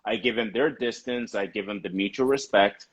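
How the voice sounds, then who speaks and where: A man hosting a relaxed conversation, telling stories with animation and laughing easily. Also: on the low side, normal speed, slightly rough. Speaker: podcast host. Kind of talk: casual chat.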